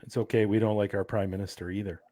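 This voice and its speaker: A man's voice: lowish voice, flat delivery, fast talker, dark tone, no room sound, studio quality. A man, a guest chatting casually in an easygoing, rambling way with fillers. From Canada. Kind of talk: casual chat.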